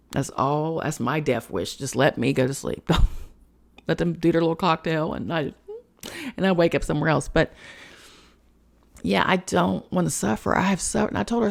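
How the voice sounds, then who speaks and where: A woman's voice: low voice, normal speed, creaky, long pauses. A woman hosting a spiritual podcast, talking in a frank, emotional personal monologue, swearing freely and chatting with lots of fillers.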